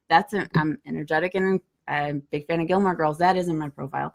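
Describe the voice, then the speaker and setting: A woman in her thirties co-hosting a casual chat, chatty and quick to laugh. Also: low voice, fairly even intonation, gravelly. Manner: chatty, reads dating messages aloud with laughs. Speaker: podcast co-host.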